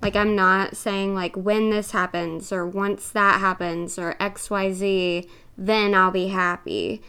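A young woman co-hosting a podcast delivers a casual monologue in a chatty, earnest way, using plenty of fillers and sounding a little out of breath. Her mid-range voice is smooth with a sharp tone, moving slowly and with little change in pitch.

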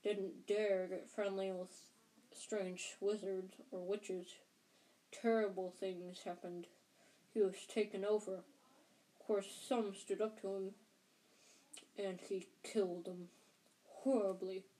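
A huge, gentle groundskeeper from a storybook, speaking in a low, worried voice that halts and restarts, as a woman reading aloud puts him on. He talks slowly, with a warm, mellow tone. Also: little pitch movement, natural voice, poor audio. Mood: grave.

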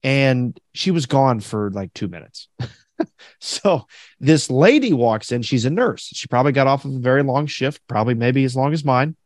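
Podcast co-host, male, animated storyteller who laughs a lot, dry close sound. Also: medium pitch, moderate pace, dry recording. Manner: animated, laughs through his stories, acts out the people in them. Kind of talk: casual storytelling chat.

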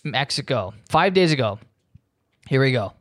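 A man's voice: mid-range voice, very animated, moderate pace, no echo, studio quality. A man hosting a podcast, rambling profanely through a casual monologue and reading news aloud. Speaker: podcast host.

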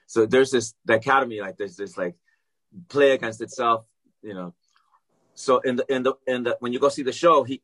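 Man, husky tone, loose animated storyteller who curses a lot. Mid-range pitch. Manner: animated, swears freely, acts out quoted dialogue. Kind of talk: casual storytelling chat.

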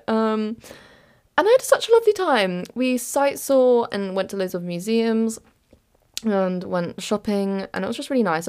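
A young woman hosting a casual solo podcast, chatty and giggly, with dramatic sighs and self-mocking despair. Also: mid-range voice. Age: young adult. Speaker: podcast host.

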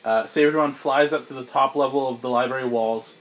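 A man's voice: medium pitch, steady tone, fast. Man running a tabletop game, casual. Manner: loose, joking, filler-heavy narration. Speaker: game master.

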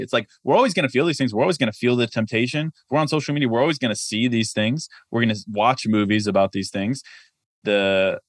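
A man's voice: on the low side, dry recording, clean studio sound. A man talking as an author and guest on a podcast, reflective and practical, often saying "like" and "I mean". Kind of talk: conversational podcast interview.

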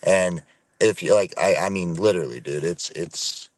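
A man joining a podcast over a call from his car, talking in a relaxed, profane way packed with "bro" and "dude." His voice sits very low. The sound is dry and close. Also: normal speed, no room sound. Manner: laid-back, profane, says "bro" and "dude" constantly. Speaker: podcast guest. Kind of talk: casual conversation. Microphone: remote call.

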